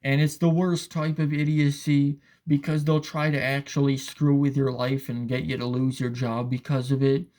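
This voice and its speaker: A man's voice: mid-range voice, level tone, normal speed, hardly any pauses, a little mellow. A man giving a casual, profane, sarcastic rant as commentator, often asking "all right?".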